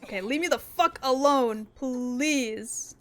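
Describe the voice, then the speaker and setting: A young woman streaming a game, chatting casually, excitable and playful, swearing often. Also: sits high, takes it slowly. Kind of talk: casual gaming commentary.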